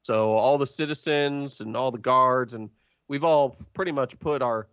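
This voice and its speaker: Slow gravelly gm guy, lots of ums, dull lo-fi audio. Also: mid-range voice, a bit bright, no room sound. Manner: halting, with many fillers. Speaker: game master. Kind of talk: narrating a tabletop game.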